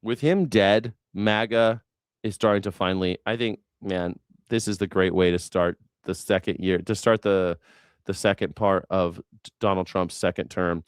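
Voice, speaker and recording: A man's voice: low voice, moderate pace, clean tone, no room sound. A man hosting a news reaction show, heckling and mocking with crude sarcasm. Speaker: host.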